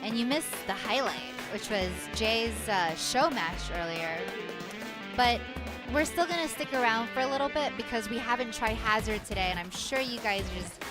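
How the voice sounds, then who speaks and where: A woman's voice: fairly high pitch, expressive, normal speed, loud music behind the voice. A woman co-hosting a live stream, greeting viewers by name in a bubbly, chatty way. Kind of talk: casual live-stream chat.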